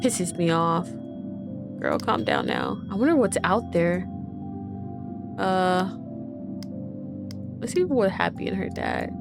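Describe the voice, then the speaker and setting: A woman's voice: on the low side, wildly swooping pitch, slow pace, creaky, pauses often, over music. A woman casually commenting while playing a video game, reading game text aloud and swearing freely. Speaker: gaming youtuber. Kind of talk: casual let's-play commentary.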